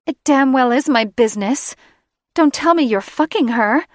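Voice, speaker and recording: A woman's voice: a little slow, dry recording, clean studio sound, lightly acted. A woman voicing a haughty, spiteful female griffin shifter who sneers and shrieks her lines. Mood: sneering. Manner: sneering, shrill and venomous.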